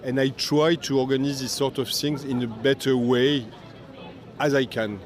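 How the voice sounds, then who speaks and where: An older man who speaks English as a second language with a French accent. As a festival director being interviewed, he pauses often to search for words. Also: medium pitch, level tone.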